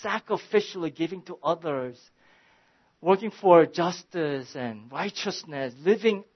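A man's voice: fairly high pitch, lively intonation, measured pace, breathy edge. Earnest preaching man, muffled recording. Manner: earnest, building to emphatic passionate preaching. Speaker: pastor. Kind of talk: sermon. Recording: dull lo-fi recording.

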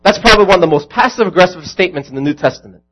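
Earnest preaching man, slightly high voice. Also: expressive, rapid-fire, fairly bright tone, rough recording. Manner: earnest preaching, rising to emphatic peaks. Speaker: pastor. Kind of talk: sermon.

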